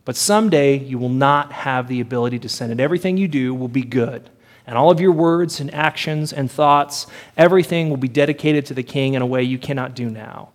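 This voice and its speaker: A man preaching a sermon to a congregation, earnest and building his points through repeated phrases. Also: mid-range voice. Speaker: pastor.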